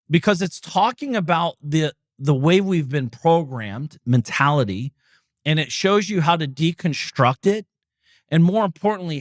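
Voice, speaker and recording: A man's voice: on the high side, no room sound. Punchy motivational man, dry close sound. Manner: punchy, rhetorical questions, casual swearing. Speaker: podcast host. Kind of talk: motivational solo talk.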